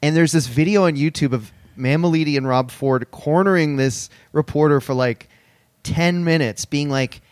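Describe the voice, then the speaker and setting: A man's voice: on the high side, moderate pace, no echo. A man hosting a comedy podcast, rambling through a story with lots of "um"s and frequent laughter. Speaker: podcast host. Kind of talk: casual comedic chat.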